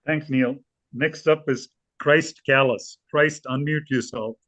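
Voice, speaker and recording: A man moderating a candidate forum over a video call, briskly calling on each speaker and prompting them to unmute. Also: a little high, fairly even intonation, fairly bright tone, no echo.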